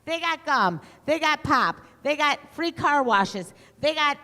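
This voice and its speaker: A middle-aged woman speaking to an audience in a lively storytelling talk, acting out the voices she quotes. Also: sits high, a little slow. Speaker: conference speaker. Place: conference hall. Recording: long hall reverb.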